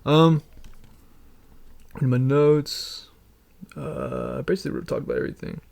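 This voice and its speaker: Gravelly young man telling rambling stories. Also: mid-range voice, unhurried, a little mellow. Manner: rambling storytelling, laughs often, swears a lot. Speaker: podcast co-host. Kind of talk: casual chat.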